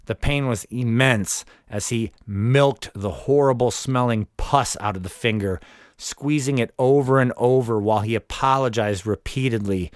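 A man's voice: mid-range voice, normal speed, no echo, clean studio sound. A man narrating his own memoir in the first person, wry and matter-of-fact as he tells it.

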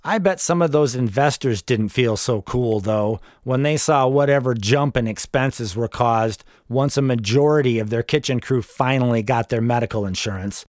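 A man's voice: mid-range voice, moderate pace, hardly any pauses, no echo. Guy in his 40s reading his memoir, dry sarcastic asides, dead dry close sound. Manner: wry, sardonic storytelling with dry asides. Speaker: memoir narrator. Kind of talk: first-person memoir reading.

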